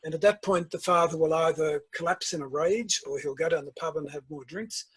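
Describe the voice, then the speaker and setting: An older man, a guest author and principal telling stories in a measured, reflective interview. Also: on the high side, fairly bright tone, husky, low-quality recording. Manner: measured storytelling, tells anecdotes.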